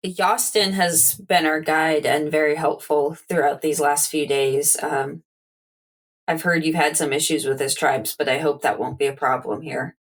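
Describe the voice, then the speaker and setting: A woman's voice: low voice, steady tone, measured pace. A woman playing a tabletop game, speaking earnestly as her character. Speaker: player.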